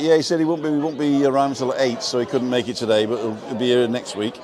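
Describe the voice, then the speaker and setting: An older man chats away on a live stream from a sunny bar terrace, rambling and jokey as he answers viewers. He speaks at an ordinary, middle pitch, and a crowd talks clearly in the background. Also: steady tone, moderate pace. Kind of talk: casual live-stream chat, reading viewer comments. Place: outdoor bar terrace in the sun. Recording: outdoor crowd noise behind. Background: crowd chatter.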